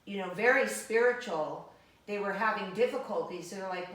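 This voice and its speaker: A woman's voice: mid-range voice, a bit bright. Affirming woman host, echoey and distant. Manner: affirming, quick to agree. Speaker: interviewer, host. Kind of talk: casual interview talk.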